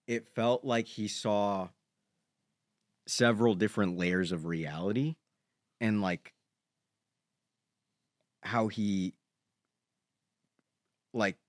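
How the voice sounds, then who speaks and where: A man who does stand-up comedy, talking on a podcast in a relaxed, halting way with many fillers. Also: lowish voice, dry recording, studio quality. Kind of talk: casual chat.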